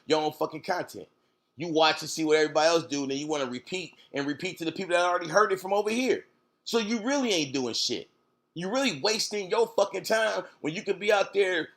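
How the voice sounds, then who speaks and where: A streamer with a voice on the high side and a fairly bright tone goes on a heated livestream rant. He's profane and confrontational, repeating himself often.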